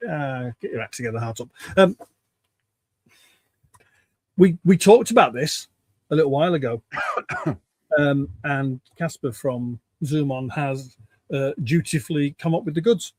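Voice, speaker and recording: A man at his home workbench, chatting in a relaxed, rambling way on a livestream. He is slightly out of breath, and the sound is dry, with little room echo. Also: fairly high pitch, a little slow, long pauses. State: a bit out of breath. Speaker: co-host. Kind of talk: casual livestream chat.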